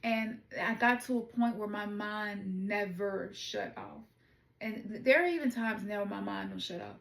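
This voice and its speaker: A woman's voice: medium pitch, measured pace, creaky, reverberant. Chatty Southern woman reading oracle cards. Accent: Southern US (Memphis). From Memphis, Tennessee. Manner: chatty, informal, addresses viewers as y'all. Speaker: oracle card reader. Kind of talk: casual spiritual card reading.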